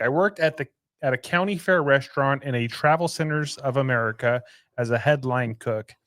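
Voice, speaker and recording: A man's voice: mid-range voice, no echo. Chill texas guy co-hosting, teasing his buddy, dry sound. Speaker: podcast co-host. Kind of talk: casual chat, reading a listener story.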